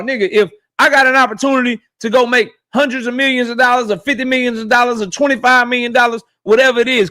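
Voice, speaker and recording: Male streamer-host, high voice, profane, animated casual rant to chat. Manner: profane, animated, talks straight to his chat. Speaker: boxing YouTube host.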